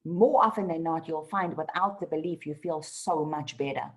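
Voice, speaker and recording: Woman spiritual teacher, casual and animated, giving practical advice. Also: low voice, moderate pace, rough recording. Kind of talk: casual satsang talk.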